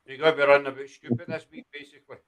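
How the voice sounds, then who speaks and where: A man's voice: mid-range voice, little pitch movement, rapid-fire, fairly bright tone, clean tone, low-quality recording. A man hosting a casual panel chat, joking and laughing often. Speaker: podcast host.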